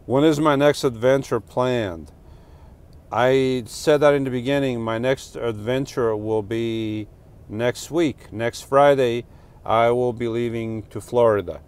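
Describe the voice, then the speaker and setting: A man's voice: medium pitch, slow, a little mellow, clean tone. A middle-aged man from Portugal with a New Jersey and New York accent, hosting a casual live stream, rambling and joking as he reads comments. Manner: rambling, self-correcting, joking.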